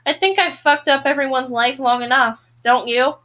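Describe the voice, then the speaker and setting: A woman's voice: high voice, moderate pace, pushed and bright. A woman reading as a weary, despairing sick teen girl. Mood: resigned.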